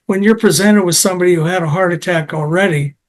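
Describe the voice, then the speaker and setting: Man, health science guest, high voice, chatty and technical, runs off on tangents. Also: quick pace. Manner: digressive, technical, storytelling. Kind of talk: conversational interview.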